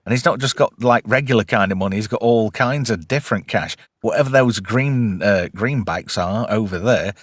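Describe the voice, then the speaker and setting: A man hosting a casual podcast chat, animated and swearing freely as he recaps episodes. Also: fairly low pitch, moderate pace, hardly any pauses, husky, no echo, studio quality. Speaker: podcast host.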